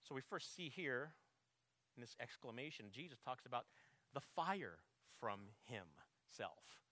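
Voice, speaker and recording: A man preaching a sermon, with emphatic bursts on quoted verses, quieter reflective asides and frequent throat clearing. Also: sing-song, measured pace. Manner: emphatic preaching, swelling loud on quotes, dropping low to reflect. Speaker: pastor.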